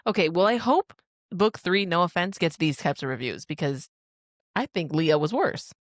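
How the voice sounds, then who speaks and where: A young woman co-hosting a book podcast, chatting casually, animated and swearing freely as she reads reviews aloud. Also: fairly low pitch, normal speed, dry recording, studio quality. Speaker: podcast co-host. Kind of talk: casual chat.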